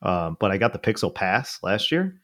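Low-voiced man in casual chat. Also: very animated, normal speed, fairly bright tone.

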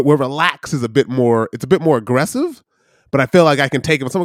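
A man's voice: medium pitch, quick pace, no room sound, studio quality. A man co-hosting a podcast in casual chat, playful and often laughing, mimicking other people. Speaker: podcast co-host.

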